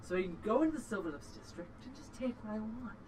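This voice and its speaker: A game master putting on a gruff scheming dwarf boss. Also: medium pitch, animated, quick pace, background noise, lightly acted. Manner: blunt, crude, businesslike.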